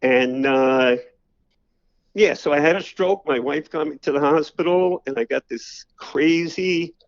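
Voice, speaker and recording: A man's voice: on the high side, measured pace. Rambling older New man telling stories. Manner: rambling, frequent "you know" fillers. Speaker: podcast guest. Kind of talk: casual storytelling interview. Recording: slightly dull lo-fi audio.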